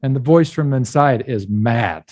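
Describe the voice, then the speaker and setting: A male pastor giving a candid sermon, speaking with pauses and restarts. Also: mid-range voice, lively intonation, a little mellow, no echo. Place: church.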